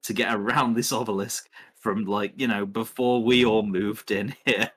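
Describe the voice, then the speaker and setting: A man's voice: fairly low pitch, steady tone, moderate pace, a bit bright. A man voicing a haughty, easily flustered young female dragon who is the daughter of a dragon queen. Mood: panicky.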